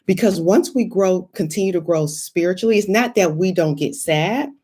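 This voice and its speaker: A woman in her thirties hosting a casual faith livestream, telling stories in an animated, encouraging way. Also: on the low side, moderate pace, breathy edge. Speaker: host.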